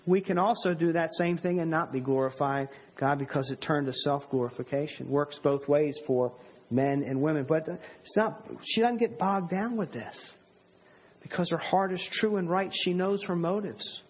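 A husky-voiced man preaches with earnest emphasis, and his voice sits somewhat high for a man. He repeats words and restarts his sentences as he presses each point home. The recording is dull and lo-fi. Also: moderate pace. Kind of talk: sermon.

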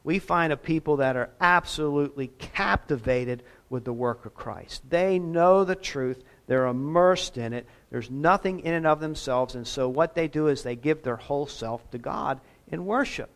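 A pastor delivering a sermon, his voice sitting a little higher than most men's. He talks in an easy, conversational way and drops self-deprecating asides between points. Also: moderate pace, hardly any pauses.

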